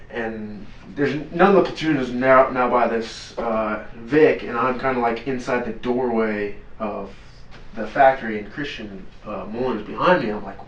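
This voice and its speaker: A man's voice: medium pitch, steady tone, slight background noise. Man telling a war story, distant and roomy. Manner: blunt, profane, halting with many fillers. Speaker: interview guest, former Navy SEAL. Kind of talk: casual storytelling interview. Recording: roomy, distant, dull lo-fi sound.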